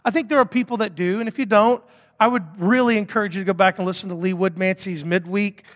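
High-voiced pastor preaching in a hall. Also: male voice, fairly even intonation, fairly bright tone, highs cut off. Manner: casual, conversational preaching with quick asides. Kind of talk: sermon.

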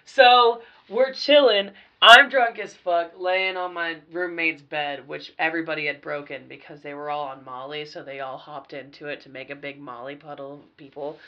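A woman guest on a podcast, casually telling party stories in a profane, animated way with sudden loud bursts. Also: sits low, normal speed, hardly any pauses, highs cut off. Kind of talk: casual storytelling chat.

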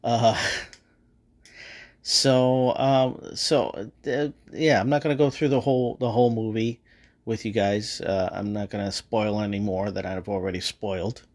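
A man's voice: fairly low pitch, fairly even intonation, a little slow, a little mellow. A man hosting a podcast and giving a casual, rambling movie review, full of swearing and hesitant fillers. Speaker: podcast host.

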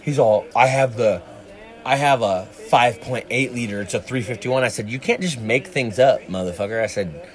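A man's voice: medium pitch, normal speed. A man chatting casually on a livestream, telling long profane stories. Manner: profane, rambling storyteller. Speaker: livestream co-host. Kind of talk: casual chat.

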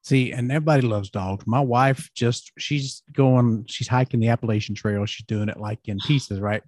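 A middle-aged man hosts a relaxed podcast conversation, rambling through anecdotes and laughing easily. His voice sits at an ordinary middle pitch. The sound is dry and close, with no room around it. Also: moderate pace, no room sound. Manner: rambling, chatty storytelling with frequent laughs. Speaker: podcast host. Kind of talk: casual conversation.

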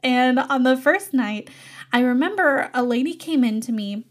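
A young woman, an art teacher, telling a personal story in an expressive, animated way and laughing often. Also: high voice, moderate pace.

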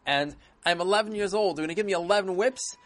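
A storyteller retelling a children's story in a lively, animated way, with frequent restarts. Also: medium pitch, quick pace.

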